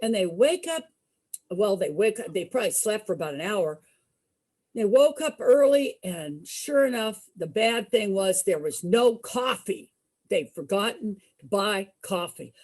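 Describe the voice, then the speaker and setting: Casting note: female storyteller, husky, swooping pitch, slow and dramatic, quizzes the audience. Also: darkish tone. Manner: dramatic, asks the audience questions. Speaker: children's entertainer and storyteller.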